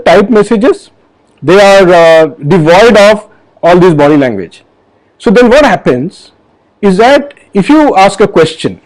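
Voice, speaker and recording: A man's voice: high voice, darkish tone, low-quality recording. A man hosting an online health forum, talking to camera in an earnest, explanatory way with many fillers and restarts. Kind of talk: casual video talk to camera.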